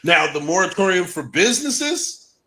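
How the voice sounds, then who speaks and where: Bright, emphatic man lecturing. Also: sits high, sing-song, normal speed. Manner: emphatic, repeats key points. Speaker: guest presenter. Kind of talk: livestream talk.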